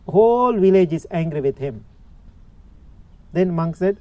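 A man giving a Buddhist dharma talk, telling a story in simple, slow phrases and often asking his listeners questions. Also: sits high, expressive, mellow, no room sound. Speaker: Buddhist teacher.

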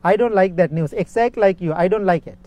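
A man with a Sri Lankan accent, a Buddhist monk giving an evening meditation talk. He speaks gently in simple, repetitive phrases with non-native grammar and keeps checking that his listeners follow. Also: high voice, fairly quick, no echo. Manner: gentle, instructive, asks listeners for agreement.

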